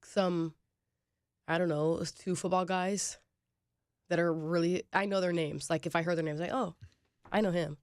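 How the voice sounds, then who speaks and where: A woman's voice: fairly low pitch, fairly even intonation, normal speed, long pauses, a little mellow, no room sound, clean studio sound. Chatty, teasing woman co-host. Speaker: radio co-host. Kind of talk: casual morning radio banter.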